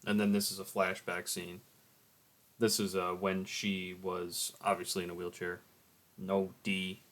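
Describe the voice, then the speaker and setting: A man casually retelling a homemade story series, slow and offhand, with asides to the listener. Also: low voice, completely flat delivery, fairly bright tone.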